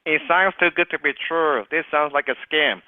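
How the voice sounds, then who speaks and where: A man's voice: on the high side, normal speed, no room sound, voice pushed up, close to an everyday voice. A man putting on a whiny voice to play a male sales prospect raising objections. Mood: whining. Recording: tinny phone-like call audio.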